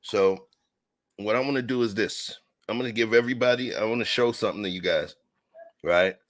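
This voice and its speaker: A man's voice: fairly low pitch, a little fast, fairly bright tone. A man hosting a casual panel chat over a video call, laid back as he directs the discussion. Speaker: host, moderator.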